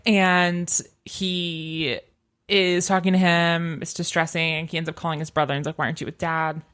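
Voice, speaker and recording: A woman's voice: fairly low pitch, level tone, moderate pace, a bit bright, smooth. A woman co-hosting a podcast, casually recapping a TV episode and acting out the characters' lines. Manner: retells scenes, acting out lines in quotes. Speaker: podcast co-host.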